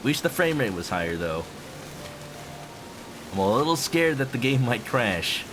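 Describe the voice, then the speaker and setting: Lively, playful male game streamer. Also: mid-range voice, measured pace, noisy background. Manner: chatty, playful, hums and scats to himself. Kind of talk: casual game commentary. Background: game music.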